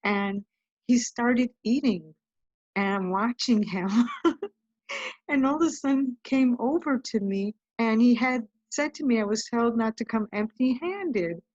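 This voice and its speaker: A woman's voice: a little high, unhurried, darkish tone, dry recording, muffled recording. A woman guest telling a personal story in a casual, chatty way, often saying "I'm like". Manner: chatty, recounts events with lots of "I'm like". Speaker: podcast guest.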